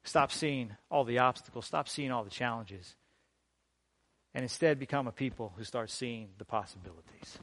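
A pastor preaches a sermon in a medium-pitched voice. He is emphatic and deliberate, using dramatic pauses and big swings in loudness.

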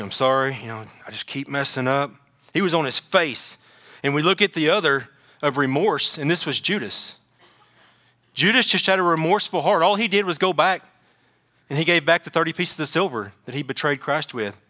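A man preaching a sermon, animated, joking at times and often repeating words. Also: fairly high pitch. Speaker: pastor.

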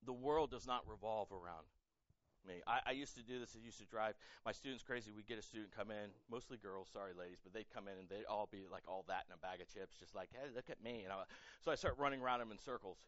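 A pastor preaching a sermon with energy, acting out quoted voices and building to loud, emphatic peaks. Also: male voice, on the low side, quick pace, no room sound, lo-fi sound.

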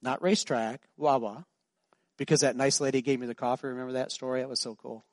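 A man preaching a sermon, telling a story and building to loud, emphatic preaching. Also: mid-range voice, fairly even intonation, fast, no echo, clean studio sound. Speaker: pastor.

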